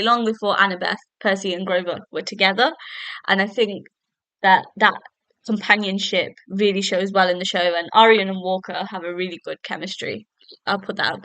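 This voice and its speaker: A woman's voice: mid-range voice, sharp tone, dry recording. A young woman hosting a solo podcast at home, casually reviewing a TV episode in a chatty way, full of fillers and self-corrections. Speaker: podcast host.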